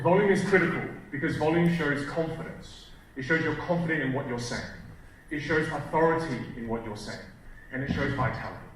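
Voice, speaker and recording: A man coaching a live seminar audience from a stage, animated, shifting his volume and pace for emphasis. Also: a little high, a little fast. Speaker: communication coach. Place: stage in a large hall. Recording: very echoey hall, distant mic, faint hiss.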